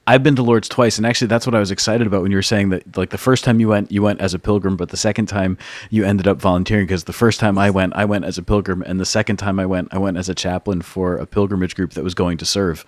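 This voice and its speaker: Deep-voiced eager priest. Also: male voice, no echo. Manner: eager, quick, repeats words when excited. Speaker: priest, podcast co-host. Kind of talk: casual chat.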